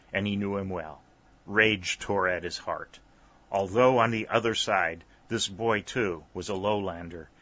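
A man narrating a story, with steady, even storytelling. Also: sits low. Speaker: audiobook narrator. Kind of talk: scripted narration. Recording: slightly dull, dry recording.

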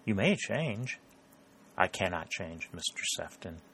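A man's voice: lowish voice, moderate pace, a bit bright. A man reading the lines of a proud young woman who coldly refuses a suitor in an audiobook. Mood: firm. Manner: cold, level, firm.

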